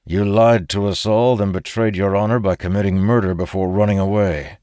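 A man's voice: fairly low pitch, fairly even intonation, normal speed, dark tone, no echo, studio quality, voice pushed up, natural voice. A man reading an audiobook, voicing a stern male ranger speaking firmly.

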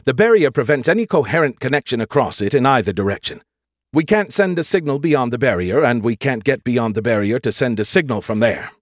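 A man's voice: mid-range voice, animated, brisk, no echo, clean studio sound, pitched above the performer's own voice, close to an everyday voice. A man voicing a snarky, dramatic male AI with a tiny hologram avatar, whiny and exasperated. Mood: grumbling, scornful.

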